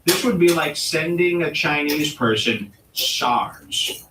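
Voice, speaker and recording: A man hosting a comedy show and delivering a provocative, mock-serious rant with dramatic pauses. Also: on the high side, animated, background noise. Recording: roomy echo, distant mic.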